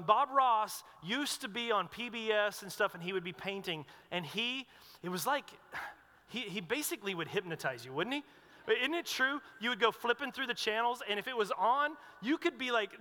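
A young adult man preaching a sermon, telling stories with swings between loud and hushed delivery. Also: sits high. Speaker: pastor. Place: large hall with long reverb. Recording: long hall reverb.

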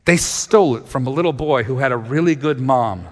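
A man preaching a sermon, reading scripture and retelling it in lively storytelling, acting out the characters' voices. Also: mid-range voice, a little fast, in a large hall, slight background noise. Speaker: pastor.

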